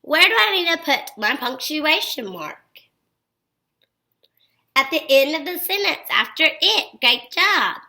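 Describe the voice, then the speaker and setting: A woman with a high voice and measured delivery teaches phonics to little kids. Upbeat and encouraging, she showers praise and reads example sentences in an exaggerated, expressive style.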